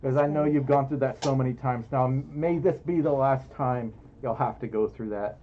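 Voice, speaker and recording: A man's voice: medium pitch, normal speed, slight background noise. Giggly man streaming, muffled sound. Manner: playful, giggly, self-deprecating. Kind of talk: casual livestream chat reading donations. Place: indoors, in a fursuit. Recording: muffled audio.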